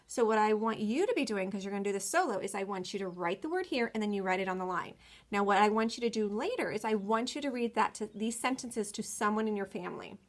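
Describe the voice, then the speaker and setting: A woman teacher recording a lesson for kindergarten children, sounding words out slowly and clearly and giving step-by-step instructions. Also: medium pitch, animated. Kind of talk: recorded remote phonics lesson.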